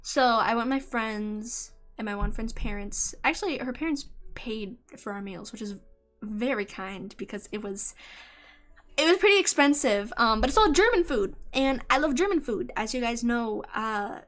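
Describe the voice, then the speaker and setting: A young woman streamer chatting casually, rambling and animated, often laughing as she tells a story. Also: a little high, normal speed, faint music behind. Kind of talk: casual chat.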